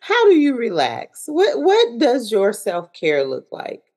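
A woman with a Southern US accent, hosting a casual interview and giving lots of soft agreeing murmurs and laughs. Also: fairly high pitch, huge pitch swings, takes it slowly, breathy edge. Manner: warm backchannels, soft laughs. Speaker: podcast host.

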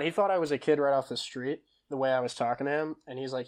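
A young man, a podcast guest, telling stories in a relaxed, chatty way, often trailing off and restarting his sentences. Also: mid-range voice, fast. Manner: lively storyteller who laughs and acts out quoted lines; casual, with frequent fillers and self-corrections. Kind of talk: conversational storytelling.

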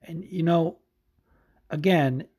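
A man's voice: on the high side, slow, slightly rough. Profane, tired podcast guy. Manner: profane, excitable, says dude a lot. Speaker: podcast host. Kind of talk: casual podcast chat.

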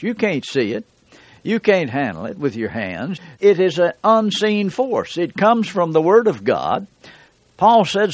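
A man's voice: a little high, muffled recording. Older guy preaching on the radio, folksy, leans hard on the verses. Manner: folksy, plain-spoken, emphatic quoting of scripture. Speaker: radio Bible teacher. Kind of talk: broadcast sermon.

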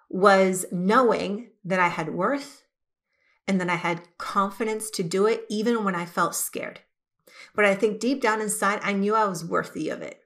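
A woman hosting a podcast, giving an energetic, emphatic motivational talk and stretching key words for effect. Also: mid-range voice. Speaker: podcast host.

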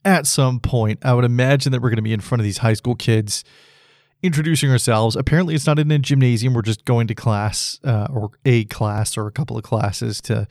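A man's voice: mid-range voice, fairly even intonation, a little fast, a little mellow, dry recording, studio quality. A man hosting a solo podcast, rambling casually and laughing at his own jokes. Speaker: podcast host.

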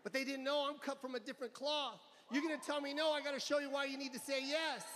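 A middle-aged man doing stand-up comedy on an arena stage, telling an animated story, acting out family members and sound effects, swearing often and shouting punchlines. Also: very high-pitched, fast talker. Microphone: handheld stage mic. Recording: live arena show with crowd noise.

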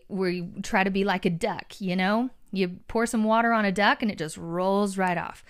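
Upbeat woman giving a chatty pep talk. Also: medium pitch. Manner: earnest and upbeat, chatty asides to the audience. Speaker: motivational speaker. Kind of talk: casual motivational talk to viewers.

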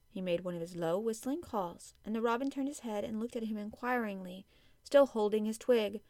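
Woman, audiobook narration, steady measured pace, mid pitch, dry. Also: no room sound. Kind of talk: scripted narration.

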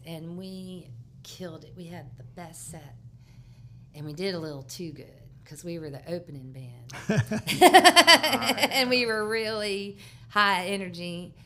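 A woman's voice: fairly low pitch, animated, unhurried, slight background noise. A woman musician, a guest on the show, chatting casually and telling a story with frequent laughs. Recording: loud guitar under the voice. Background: guitar music.

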